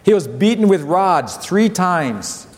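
A man in his fifties preaching a sermon as a pastor, telling stories with animated repetition and acting out his family's voices. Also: sits high, slow. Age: 50s. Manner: animated storytelling, repeats phrases, acts out family voices. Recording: long hall reverb.

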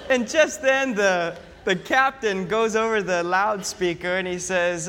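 High-voiced preacher in a ringing hall. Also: male voice, a little slow, hardly any pauses, slight background noise. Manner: animated storytelling with mock panic. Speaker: pastor. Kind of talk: sermon. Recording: long hall reverb.

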